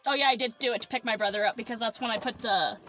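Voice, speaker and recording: A teenager on a casual podcast chat, telling quick animated stories and chiming in with short agreements. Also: mid-range voice, soft background music. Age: late teens. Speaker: podcast co-host.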